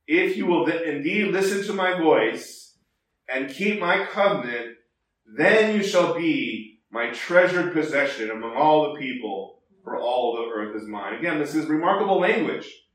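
A man preaching a conversational Bible lesson, with a slightly high voice. He stumbles and restarts often, lifting his voice for quoted lines. The sound is heavy with echo, picked up from far across a large hall. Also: lively intonation, unhurried, fairly bright tone. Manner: conversational, many restarts and fillers, rising emphasis on quotes. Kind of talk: expository Bible teaching.

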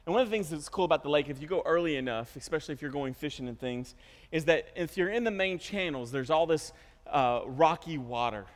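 A male pastor preaching a sermon, with animated storytelling, self-interruptions and joking asides. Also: a little high, brisk. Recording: long hall reverb.

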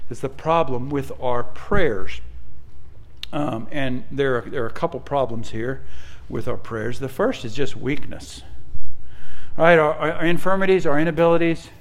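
A middle-aged man preaching a sermon as a pastor, mixing conversational personal stories with fervent, rising emphasis. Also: moderate pace. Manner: rises to fervent, high-pitched emphasis at key points.

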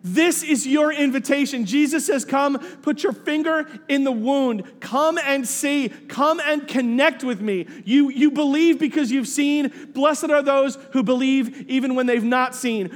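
A male pastor preaches in a loose, animated, conversational way and slows down for reflective scripture reading. His voice sits very high for a man. A long hall reverb trails every phrase. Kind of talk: sermon.

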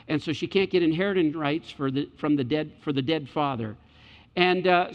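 A man preaching a sermon, animated, acting out quoted voices and climbing high when excited. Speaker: pastor. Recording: dull sound with long hall reverb.

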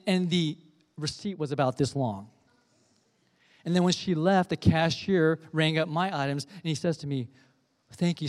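Man preaching in a reverberant hall. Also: high-pitched. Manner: storytelling, earnest, gentle. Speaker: pastor. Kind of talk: sermon.

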